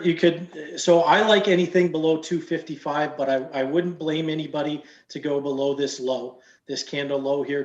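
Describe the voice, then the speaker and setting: A man's voice: a little high, roomy sound, lo-fi sound. A man coaching stock trades in casual chat, explaining in a loose way with many fillers. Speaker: trading coach.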